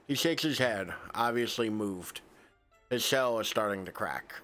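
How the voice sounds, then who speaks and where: A man's voice: on the low side, animated, unhurried, sharp tone, faint music behind. A man streaming a game, reading its text aloud and breaking off into joking, swearing asides.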